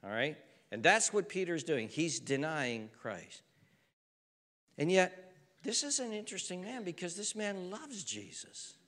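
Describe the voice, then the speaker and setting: Earnest preacher in a reverberant hall. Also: male voice, high-pitched, big pitch swings, a little slow, a bit bright. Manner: earnest, conversational, repeats for emphasis. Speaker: pastor. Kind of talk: sermon.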